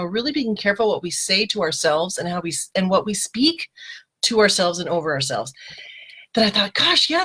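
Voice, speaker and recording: A woman's voice: mid-range voice, a bit bright. A middle-aged woman hosting a casual live video show, chatty and laughing often as she greets viewers by name. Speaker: host of a live mindset show. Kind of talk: casual live-stream talk. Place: home, live video broadcast. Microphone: webcam or phone.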